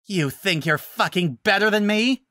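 A man's voice: high-pitched, expressive, extremely slow, bright, forceful tone, no echo, studio quality, voice pushed up, full character voice. A man voicing an unhinged, vengeful female ex-flier villain who screams and swears in a frantic rage. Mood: raging.

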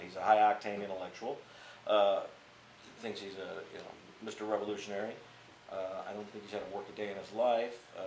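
An older man, a theater actor, telling stories in an interview in a blunt, profane, animated way. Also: lowish voice. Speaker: interviewee, Mime Troupe actor. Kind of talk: casual storytelling interview. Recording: echoey room with faint background noise.

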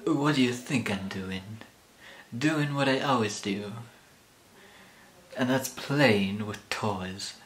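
A man's voice: lowish voice, slow, pauses often, a bit bright. A man doing a smug, scheming cartoon baby boy with a snooty, half-whispered delivery.

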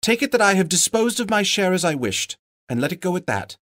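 A man's voice: very animated, fairly quick, a bit bright, no echo, studio quality. A man voicing a small, fussy and polite male hobbit in a raised, fluttery voice. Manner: fussy, polite, higher-pitched. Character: small frightened but plucky male hobbit.

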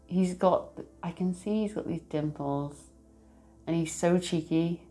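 A woman's voice: fairly low pitch, very slow, pauses often, mellow, soft background music. A woman giving a casual tarot reading to camera, chatty and rambling, laughing often. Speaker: tarot reader.

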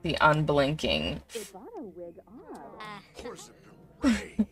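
A woman's voice: low voice, wildly swooping pitch, takes it slowly, soft background music. A young woman giving chatty, giggly commentary over a life-sim game, full of fillers. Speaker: let's play creator.

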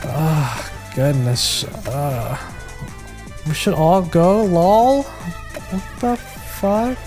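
Swearing, excitable let's play commentator. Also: mid-range voice, drawn-out words, over music. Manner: excitable, swears, stammers in reactions. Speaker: gaming YouTuber.

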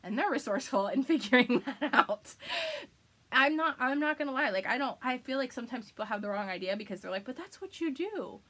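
Animated chatty woman hosting a craft livestream. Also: a little high, fast. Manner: chatty, animated, laughs often. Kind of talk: casual live craft chat.

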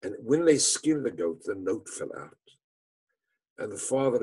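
A man telling a story to an audience as part of a lecture, with dramatic, emphatic delivery and phrases that fall away to a hush. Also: on the low side, big pitch swings, measured pace, pauses often, husky, low-quality recording.

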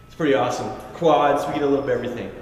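A man's voice: medium pitch, fairly even intonation, racing, close to an everyday voice. A man doing a swaggering spoof cop. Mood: boastful. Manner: swaggering, boastful. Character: cocky macho male cop in a spoof. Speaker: actor in a comedy skit. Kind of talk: mock documentary comedy acting. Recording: echoey room with noise.

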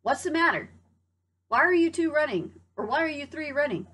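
A woman's voice: high-pitched, expressive, moderate pace, a bit bright, pitched above the performer's own voice. A woman voicing a curious, fussy female goose in a storybook read-aloud, asking questions.

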